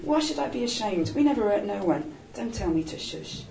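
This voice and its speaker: A woman's voice: medium pitch, animated, fairly quick, gravelly, dark tone, slight background noise, pitched above the performer's own voice. A woman voicing a troubled young man, glum and plaintive, in a storybook reading. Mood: defiant. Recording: roomy echo, distant mic.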